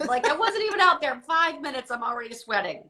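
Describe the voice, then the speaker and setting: A woman from Tennessee, a YouTuber, talking in an unhurried, folksy way on a casual video call. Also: high voice, sing-song, sharp tone. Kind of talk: casual live video chat.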